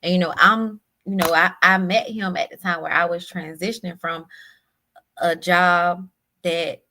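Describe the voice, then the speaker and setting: A woman guest telling a personal story in a halting, emotional way, often repeating her words. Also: fairly low pitch, fairly even intonation, sharp tone. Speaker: podcast guest.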